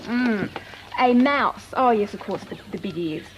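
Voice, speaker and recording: A woman's voice: mid-range voice, animated, unhurried. Coaxing Australian woman presenter. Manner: warm, coaxing, giggly. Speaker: children's TV presenter. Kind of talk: children's show presenting. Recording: hissy old VHS tape.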